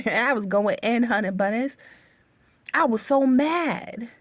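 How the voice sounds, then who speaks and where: A woman telling a story from her own life to her viewers, animated and profane, often calling them honey bunnies, speaking into a phone. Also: on the high side, measured pace, no echo. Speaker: livestream host.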